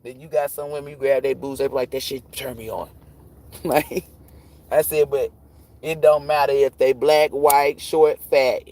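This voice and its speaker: A man's voice: a little high, level tone, unhurried, warm tone. Profane, laughing man telling stories live. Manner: profane, laughing storyteller who acts out quoted voices. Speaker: tarot reader hosting a livestream. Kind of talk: casual livestream chat.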